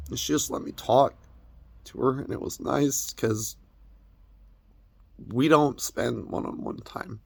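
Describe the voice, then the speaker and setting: A man's voice: medium pitch, takes it slowly, vocal fry, pauses often, husky, no echo. A young man making an emotional personal confession to camera, crying as he talks, stammering and swearing as he rambles. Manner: rambling, stammering, profane, tearful. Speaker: vlogger.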